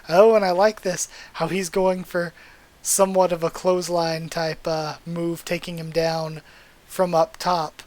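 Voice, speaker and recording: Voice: medium pitch, flat delivery, a little slow, darkish tone. A manga readthrough host giving casual commentary with frequent restarts and laughs. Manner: chatty, stumbles and restarts, laughs often.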